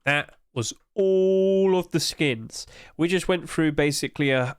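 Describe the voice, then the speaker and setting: A young man talks through a casual live stream in a rambling, animated way. His voice sits a little high for a man. The recording is close and dry, with little room sound. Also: dry recording.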